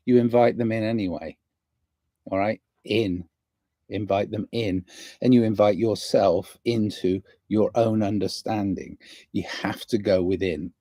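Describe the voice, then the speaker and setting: A man talking on his livestream, slowly musing about self-love and balance, drifting between soft asides and sudden emphasis. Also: mid-range voice, creaky, no echo, studio quality. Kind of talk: rambling spiritual monologue. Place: indoors near a window.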